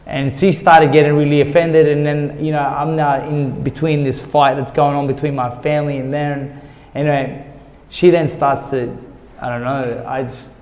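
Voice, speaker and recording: A man's voice: fairly high pitch, level tone, normal speed, a little mellow. A man, a former boxer, telling his life story candidly in an interview, acting out the dialogue of others with emotion. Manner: emotional, retells conversations in quoted dialogue. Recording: long hall reverb.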